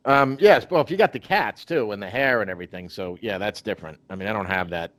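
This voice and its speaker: A man's voice: on the low side, fast, a bit bright, dry recording. A man hosting a podcast in casual chat, rambling with many restarts and fillers. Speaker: podcast host.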